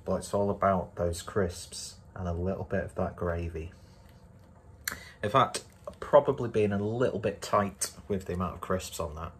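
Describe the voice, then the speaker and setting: A man casually reviewing food to camera from a home kitchen, in a relaxed, dry and self-mocking way. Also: low-pitched, moderate pace, slight background noise. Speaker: food vlogger.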